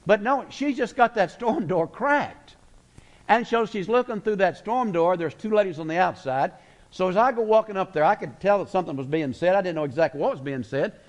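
A man's voice: high-pitched, lively intonation. A middle-aged man preaching a folksy, emphatic sermon as a guest preacher in a church. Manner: folksy, emphatic, slows words for weight. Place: church sanctuary.

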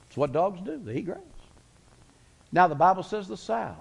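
Preacher guy, kinda high voice, folksy, slows way down then rushes. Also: animated, vocal fry, breathy edge, poor audio. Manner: folksy storytelling preacher, pace swinging slow and fast. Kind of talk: sermon.

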